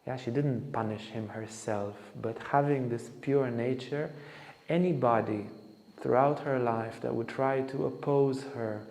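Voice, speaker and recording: A man's voice: mid-range voice, measured pace, vocal fry, a little mellow. A man giving a spiritual lecture, telling stories about a saint in an earnest, anecdotal way. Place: lecture hall at an ashram. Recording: echoey hall reverb.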